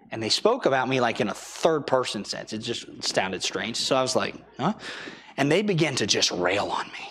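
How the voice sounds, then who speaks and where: A man's voice: medium pitch, big pitch swings, a little fast, a bit bright, a little hiss or hum. A young man preaching a sermon in a church, telling a story with acted-out quotes.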